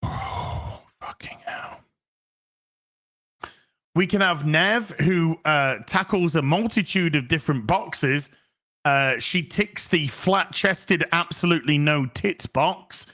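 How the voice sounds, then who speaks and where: A British man ranting as a show host, dry and scornful. He speaks slowly in a fairly high, bright voice. His sarcasm is deadpan throughout. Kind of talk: ranting video commentary.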